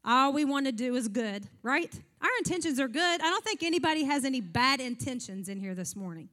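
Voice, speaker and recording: Lively woman preaching a conversational sermon. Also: high-pitched, brisk. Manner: conversational, acts out scripture scenes.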